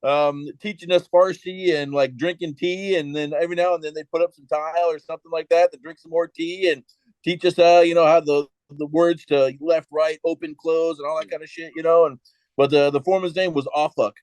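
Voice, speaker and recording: Male veteran, somewhat high voice, relaxed and chuckling, dry close recording. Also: fairly quick, smooth, no room sound, poor audio. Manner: chuckling, relaxed anecdote teller. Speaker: veteran, panel member. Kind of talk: casual storytelling chat.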